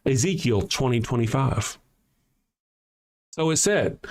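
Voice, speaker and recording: A man with a mid-range voice, lively intonation, and normal speed hosts a livestream, reading chat and ranting back at commenters. He's profane, sarcastic, and confrontational, often restarting sentences or letting them trail off in the heated commentary.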